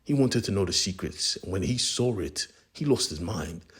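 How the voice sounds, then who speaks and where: Low husky male narrator, slangy comic recaps, dramatic. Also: expressive, moderate pace. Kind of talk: casual comic recap storytelling.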